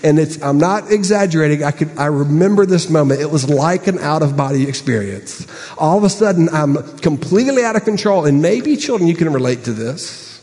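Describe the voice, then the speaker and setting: A man preaching a sermon, telling a story with sudden high bursts and hushed asides. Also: lively intonation, brisk, in a large hall. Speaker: pastor.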